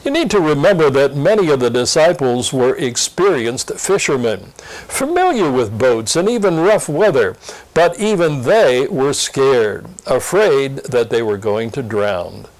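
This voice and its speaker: A man presenting a scripted Sunday school lesson preview in an earnest, expressive teaching tone. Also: medium pitch, low-quality recording. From Pennsylvania.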